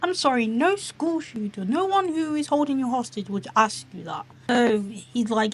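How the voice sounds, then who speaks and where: A woman's voice: medium pitch, moderate pace, hardly any pauses. A woman casually reviewing online videos, retelling the plot in a rambling, giggly, exclamatory way.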